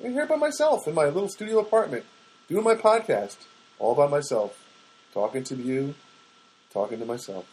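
Male solo podcaster, rambling and exasperated, somewhat high voice with very animated pitch. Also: normal speed, poor audio. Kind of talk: casual monologue. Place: small studio apartment, alone.

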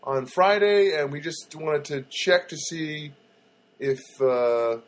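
A woman's voice: low voice, animated, takes it slowly. A man quoting a female bank agent who calls a customer, in a polite customer-service tone.

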